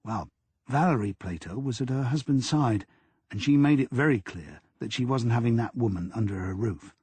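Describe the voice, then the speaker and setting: A man reading an audiobook, voicing a police detective who reports facts in a measured, matter-of-fact way. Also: medium pitch, animated, darkish tone, husky, dry recording. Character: stolid male police detective reporting to his boss.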